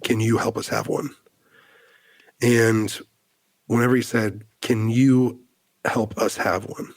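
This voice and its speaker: An American man in his thirties appears as a podcast guest, telling a personal story in an earnest, halting way full of fillers and restarts. His voice is lowish, level in tone, and husky, with no echo.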